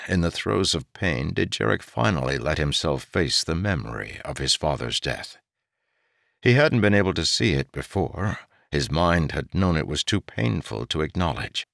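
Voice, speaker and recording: A man narrating an audiobook in an expressive way, his pitch rising and falling with the drama. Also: gravelly, no echo, studio quality.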